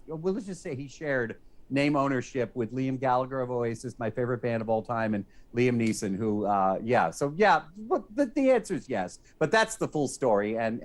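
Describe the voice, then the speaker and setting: Brief: male TV host, casual, heartfelt, rambling, mid-pitched voice. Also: fairly bright tone. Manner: grateful, emotional, rambling. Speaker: entertainment reporter. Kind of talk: casual on-air chat. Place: TV studio.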